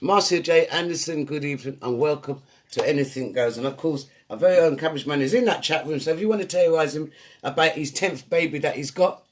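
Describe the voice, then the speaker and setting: High-voiced lively male host. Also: fast talker. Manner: lively, playful, shouting out names one after another. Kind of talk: live online show hosting, greeting viewers in chat.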